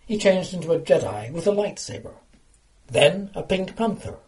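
A reader delivering short fiction aloud in a dry, deadpan way. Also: mid-range voice, moderate pace. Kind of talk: reading flash fiction aloud.

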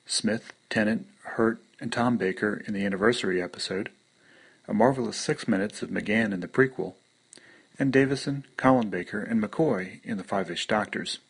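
Male story reader, deep gravelly husky tone, conversational. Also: normal speed. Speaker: podcast contributor. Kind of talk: reading his own story.

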